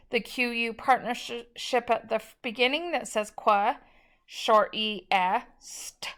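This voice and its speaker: A woman's voice: on the high side, slow pace, a bit bright. A woman teacher giving a recorded spelling lesson, patiently sounding out each word syllable by syllable.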